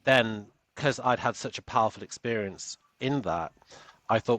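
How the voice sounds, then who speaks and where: An earnest British man talks as a podcast guest, often stumbling over repeated words. His voice sits at an average pitch, recorded close and dry. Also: moderate pace, fairly bright tone, dry recording. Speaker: guest coach and author. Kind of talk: podcast interview.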